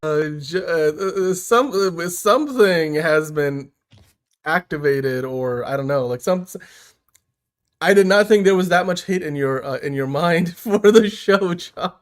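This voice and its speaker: A man's voice: fairly high pitch, animated, measured pace. Easygoing man hosting a podcast. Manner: easygoing, reasonable, filler-heavy. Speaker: podcast host. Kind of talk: casual podcast chat.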